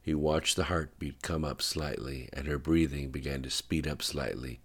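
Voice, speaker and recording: A man reading fiction aloud in a steady, understated narration. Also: a bass voice, normal speed, breathy edge. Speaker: audiobook narrator. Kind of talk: scripted narration.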